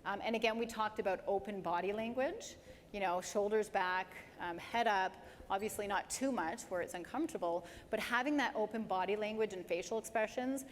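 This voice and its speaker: A woman giving a live career presentation to an audience, lively and emphatic, speeding up and slowing down to demonstrate points. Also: medium pitch. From Canada. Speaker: presenter at a dental career talk. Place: large hall with an audience. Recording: hall reverb, faint background noise.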